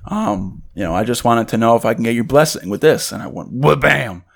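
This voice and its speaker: A man tells a personal story in casual podcast chat. His delivery is animated, and he slips into the voices of the people he quotes. His pitch sits in an ordinary middle range. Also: fast, vocal fry. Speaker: podcast co-host.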